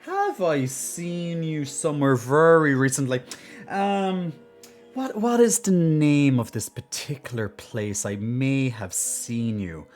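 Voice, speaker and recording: His voice is a little high with a darkish tone as he banters casually with live-stream viewers. He restarts sentences and uses lots of fillers, and he puts on a mock-serious air to milk sad news.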